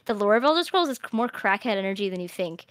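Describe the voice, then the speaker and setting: Bright-voiced, rambling young woman streamer. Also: mid-range voice, quick pace, clean tone, dry recording. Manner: rambling, animated, laughs often, fillers "like". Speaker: streamer host. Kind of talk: casual chat.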